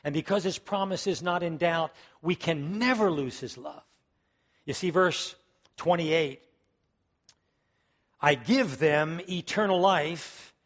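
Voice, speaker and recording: Guy preaching a sermon, kinda high voice, emphatic, repeats stuff for punch, muffled lo-fi audio. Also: slow pace, long pauses, fairly bright tone. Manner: emphatic preaching, repeats key words, rising to fervent peaks. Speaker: pastor.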